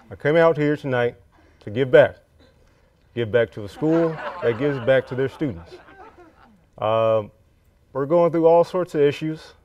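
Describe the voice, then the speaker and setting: A man impersonating a US president giving a formal speech, in a slow, solemn speech-making cadence, on a dull, slightly lo-fi recording. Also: medium pitch, voice pushed up, close to an everyday voice. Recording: dull, slightly lo-fi, dry sound.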